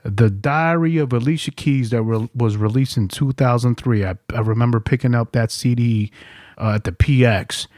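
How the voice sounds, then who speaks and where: A man's voice: medium pitch, moderate pace, a little mellow, no room sound, studio quality. A man from New York hosting a podcast, telling stories with lots of laughter and swearing. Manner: profane, laughing storyteller. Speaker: podcast host. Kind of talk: casual interview chat.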